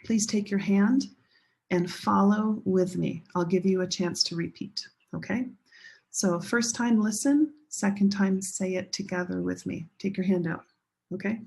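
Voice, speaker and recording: Woman teacher going over vowel sounds super slow, soft breathy voice, patient and repetitive. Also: mid-range voice, low-quality recording. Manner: patient, models sounds and repeats them. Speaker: pronunciation teacher. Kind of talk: slow, drawn-out classroom instruction.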